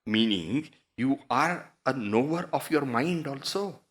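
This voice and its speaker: Animated man giving a spiritual talk. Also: medium pitch, slow pace. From India. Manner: questioning, emphatic, rhetorical. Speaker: spiritual teacher. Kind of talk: spiritual discourse.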